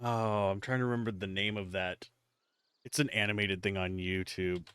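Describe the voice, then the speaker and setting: A man's voice: on the low side, level tone, moderate pace, fairly bright tone, clear, resonant tone, dry recording. A man chatting casually over a game, making jokes and reading dialogue choices aloud. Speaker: streamer guest.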